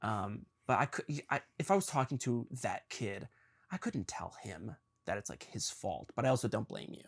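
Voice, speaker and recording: A young man hosting a podcast, talking earnestly and confessionally with his father, halting with ums and restarts. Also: lowish voice, animated, creaky. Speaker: podcast host. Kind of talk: emotional conversation with his father.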